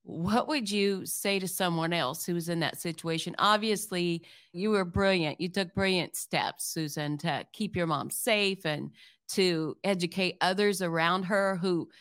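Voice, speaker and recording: A woman hosting an interview about caregiving, speaking with empathy and explaining as she asks her questions. Her voice is smooth and resonant, recorded dry and close. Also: on the low side, measured pace, fairly bright tone, no echo. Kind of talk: interview host.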